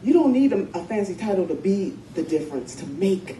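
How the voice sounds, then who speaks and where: A woman's voice: medium pitch, sing-song, a little fast, dark tone. A woman state senator giving a fiery, emphatic political speech to a live audience at a conference. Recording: echoey room, distant mic, crowd noise.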